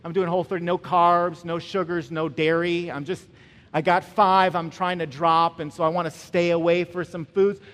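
A man's voice: on the high side, little pitch movement, moderate pace, a bit bright, long reverb tail, voice pushed down, natural voice. A man voicing a casual modern man explaining his diet in a chatty, offhand way. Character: casual modern man dieting to lose weight.

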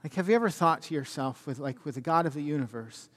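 A man's voice: a little high, quick pace, fairly bright tone. A man giving a sermon as pastor, conversational and self-deprecating, full of fillers. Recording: long reverb of a church hall.

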